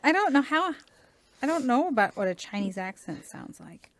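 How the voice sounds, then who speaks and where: High-voiced woman reading legends with jokes. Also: big pitch swings, moderate pace, no room sound. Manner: laughs between lines, reads legends with jokey asides. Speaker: podcast co-host reading cryptid stories. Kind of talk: casual podcast chat and reading aloud.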